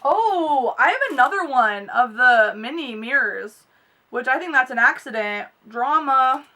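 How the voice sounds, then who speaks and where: A young woman unboxing makeup in a vlog, gushing and excitable with gasps and squeals. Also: sits high, measured pace, far from the mic. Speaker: beauty vlogger.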